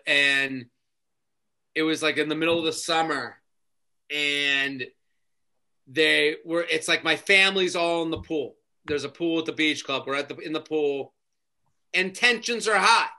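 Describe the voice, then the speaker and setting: A male comedian guest telling stories in animated, casual podcast chat, full of "like". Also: on the high side, unhurried. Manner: animated storytelling with lots of "like".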